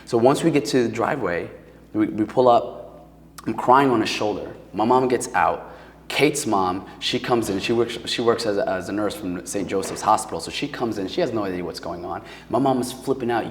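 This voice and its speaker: A man's voice: on the low side, normal speed, long reverb tail, a little hiss or hum. A man from New Jersey telling a personal story as a guest, in a casual, emotional way full of "like" and "um". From Paterson, New Jersey. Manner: casual and emotional, heavy with fillers. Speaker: podcast guest.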